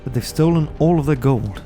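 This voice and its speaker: A man co-hosting a podcast, narrating a gamebook adventure in a storytelling manner. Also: mid-range voice. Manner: storytelling, light laughs between sections. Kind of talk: narrating a gamebook play-through.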